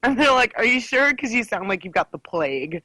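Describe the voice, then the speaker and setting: A woman's voice: a little high, expressive, fairly quick, bright, forceful tone, no echo, rough recording. A woman co-hosting a podcast in casual, jokey chat, slipping into silly voices. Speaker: podcast co-host.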